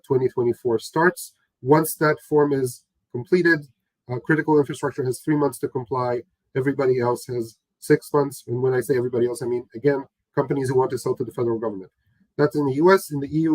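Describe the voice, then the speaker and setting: A man's voice: mid-range voice, darkish tone, dry recording, low-quality recording. A man hosting a webinar, talking conversationally with frequent fillers and restarts. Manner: conversational, hesitant with many fillers. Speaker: webinar host. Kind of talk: casual webinar talk.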